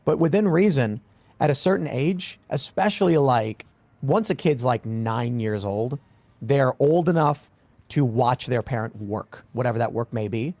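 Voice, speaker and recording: A man talks through his opinions on a podcast with a flat, deadpan emphasis, often repeating words as he builds a point. His voice sits at a middle pitch and sounds dry and close, with no room echo. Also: measured pace. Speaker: podcast host in a played clip. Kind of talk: opinionated talk show chat.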